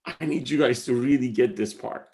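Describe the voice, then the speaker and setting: A man's voice: mid-range voice, moderate pace, a little mellow. A man teaching a class in a casual style, reading out lines of verse and then paraphrasing them conversationally. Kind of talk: casual class explaining poetry.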